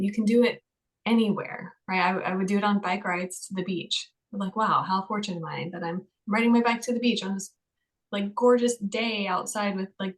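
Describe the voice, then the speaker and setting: Woman, counselor, casual podcast guest, chatty storytelling, lively rise and fall, fillers. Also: medium pitch, low-quality recording. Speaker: mental health counselor.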